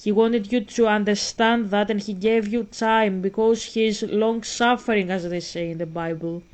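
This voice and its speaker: A woman's voice: mid-range voice, steady tone, normal speed, a little mellow. A woman from Greece, ranting emphatically in a casual vlog monologue and arguing directly with a critic. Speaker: vlogger.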